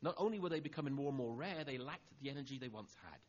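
A middle-aged man preaching a sermon, telling a personal story and acting out the dialogue, going soft and low on the tender lines. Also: fast, dull audio.

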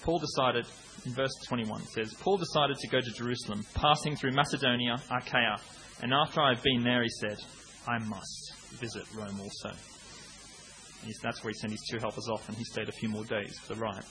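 Bright-voiced man preaching. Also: mid-range voice, steady tone, normal speed, slight background noise, poor audio. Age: 30s. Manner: conversational, with bursts of acted-out shouting. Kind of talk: sermon.

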